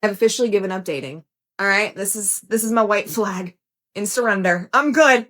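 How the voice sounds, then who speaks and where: A young woman tells a bad-date story in a casual storytime voice. She sounds blunt and fed up, and she swears freely. Her pitch sits in the middle of the usual range. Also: a little fast, fairly bright tone. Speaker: storyteller in a played clip.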